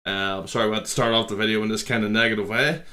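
A man's voice: fairly low pitch, steady tone, rapid-fire, sharp tone. A man with an Irish accent hosting a casual reaction video, talking in a blunt, sweary, rambling way. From Ireland. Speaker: reaction channel host.

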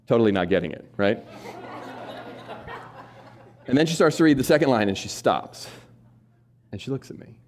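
A man's voice: mid-range voice, moderate pace, pauses often. A man in his forties giving a keynote talk on stage, telling a personal story, asking the audience questions and acting out the voices of the people in it. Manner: animated, acts out quoted voices, asks audience questions. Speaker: keynote speaker. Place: stage before a live audience.

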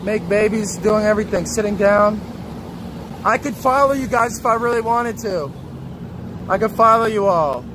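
A young man with a fairly high voice talks brashly and profanely on an outdoor livestream. He narrates passing traffic and calls out at people nearby. Loud traffic noise fills the background. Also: normal speed. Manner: brash, profane, yelling at passersby. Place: city street outdoors, moving in a chair.

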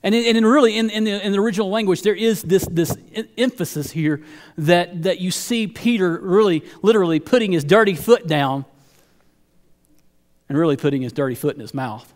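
A man's voice: high voice, fairly quick, long reverb tail. A man preaching a sermon as pastor, earnest, often repeating words as he builds a point. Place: church sanctuary.

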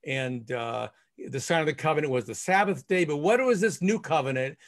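A man's voice: fairly high pitch, expressive, normal speed. Emphatic man teaching scripture. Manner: emphatic, stresses key words in quoted scripture. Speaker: rabbi. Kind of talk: Bible teaching discussion.

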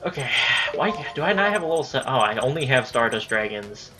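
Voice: medium pitch, big pitch swings, fairly quick, music in the background. A gaming channel host giving casual let's-play commentary, talking to themself and often saying "dude". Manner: casual self-talk, says "dude" a lot.

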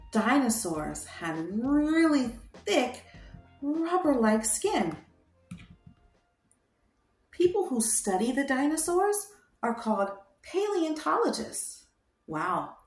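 A woman's voice: high-pitched, very animated, takes it slowly, pauses often, echoey room, faint music behind. A woman hosting a children's show, teaching toddlers in a sing-song, coaxing way and prompting them to repeat words.

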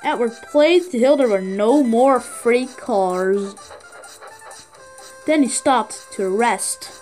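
A woman's voice: a little high, slow pace, a little mellow, faint music behind. A woman narrating a train story for a fan redub, reading plainly with small slips.

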